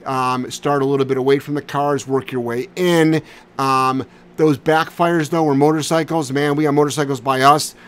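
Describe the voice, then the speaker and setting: A man hosting a live question-and-answer show as a dog trainer, answering viewers in a blunt, animated, sometimes profane way. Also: mid-range voice. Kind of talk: casual live Q&A.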